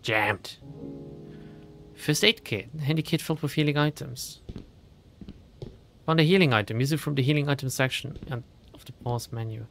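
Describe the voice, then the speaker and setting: A man's voice: mid-range voice, fairly quick, vocal fry, a bit bright, soft background music. A man commentating his own horror game playthrough, chatting and reading item text aloud. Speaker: gaming streamer. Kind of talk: let's play commentary.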